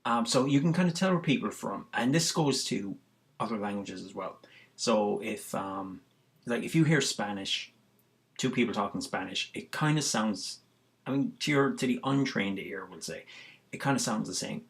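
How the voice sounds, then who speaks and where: Irish man, casual vlogger, rambling and full of fillers, a bit low in pitch. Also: moderate pace. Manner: rambling, heavy on fillers and restarts. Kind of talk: casual musing monologue.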